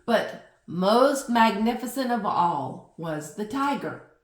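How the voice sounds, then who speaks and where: A woman reading a picture book aloud in an expressive, unhurried way. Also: lowish voice, far from the mic. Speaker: storybook reader. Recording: roomy echo.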